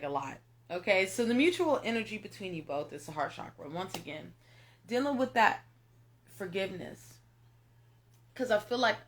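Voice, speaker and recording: A young woman delivers a casual tarot reading straight to her audience. Her voice is bright and forceful. She talks emphatically, swears freely, and keeps circling back to the same phrases. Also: on the low side. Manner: emphatic, repetitive, profane, addresses viewers directly. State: tearful at moments. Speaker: tarot reader. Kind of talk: casual spiritual reading monologue.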